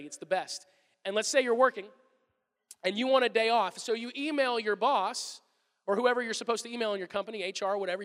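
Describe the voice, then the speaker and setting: Animated high-voiced male pastor preaching. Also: long reverb tail. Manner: conversational, animated, acts out little scenes. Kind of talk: sermon.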